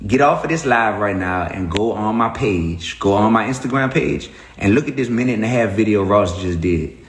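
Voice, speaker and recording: A man, talking casually and preachily to viewers on a livestream, giving emphatic points and shout-outs. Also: fairly low pitch, roomy sound. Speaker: rapper on a livestream.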